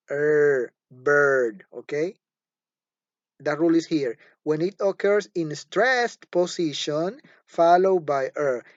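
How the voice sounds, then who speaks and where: Here a male instructor takes his time through a recorded phonology lesson, saying example words two or three times each at an unhurried, deliberate pace. His pitch is slightly above most men's, and his tone is a little mellow. The recording is dull, lo-fi, dry and close, with no echo from the room.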